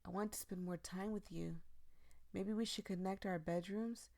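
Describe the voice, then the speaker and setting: A woman voicing a shy, clingy young man in a game, a neighbor who is adorable yet creepy, read in a soft, hushed way. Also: medium pitch, fairly even intonation, normal speed, creaky, close to an everyday voice.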